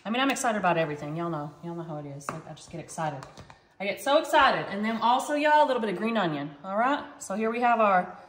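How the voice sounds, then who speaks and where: A woman's voice: medium pitch, animated, quick pace, a bit bright, roomy sound, slight background noise. A woman, hosting a casual cooking vlog and chatting to viewers as y'all from her home kitchen. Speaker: cooking channel host.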